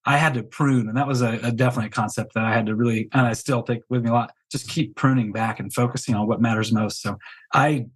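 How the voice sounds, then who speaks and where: Guest, male, mid-pitched husky voice, relaxed, rambling first-person account. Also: fast talker, low-quality recording. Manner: candid storytelling with many fillers. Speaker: guest, business coach. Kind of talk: casual interview chat.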